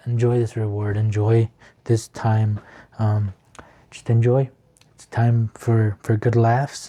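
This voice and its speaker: A man's voice: medium pitch, warm tone. A man giving a casual, encouraging tarot reading to the viewer, often chuckling as he talks. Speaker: tarot reader.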